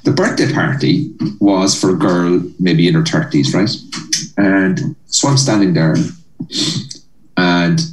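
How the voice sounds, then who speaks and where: The Irish comedian's voice is deep and unhurried, heard from far off with lots of reverb on a rough recording. As a guest he tells a long, lively tale, impersonating the people involved and laughing.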